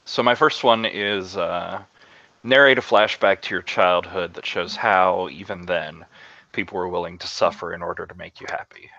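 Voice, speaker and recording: A man's voice: sits low, steady tone, moderate pace, gravelly, pushed and bright, no echo, highs cut off. A man narrating a scene as a player in a tabletop game, hesitant with many fillers.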